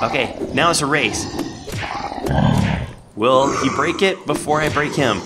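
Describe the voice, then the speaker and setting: A man giving playful, animated let's-play commentary, talking to the game and his viewers and jumping up to excited yelps. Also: unhurried, pauses often, loud music behind the voice. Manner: jumps to high excited yelps. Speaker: gaming YouTuber.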